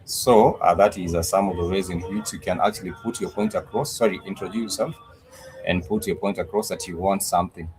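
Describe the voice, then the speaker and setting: A man teaching a live-streamed language class, talking slowly, repeating words and spelling them out letter by letter, with frequent "uh" pauses. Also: low-pitched, fairly even intonation, darkish tone, faint music behind, low-quality recording. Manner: frequent "uh" fillers. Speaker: Swahili teacher.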